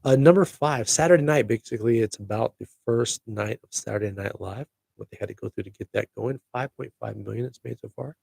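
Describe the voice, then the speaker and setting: A middle-aged man hosts a casual solo podcast, talking in a chatty, upbeat way and tossing in jokey asides. His voice has a gravelly edge and sits at a middle pitch. The sound is dry and close, with no room echo. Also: a little fast, a little mellow. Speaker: podcast host.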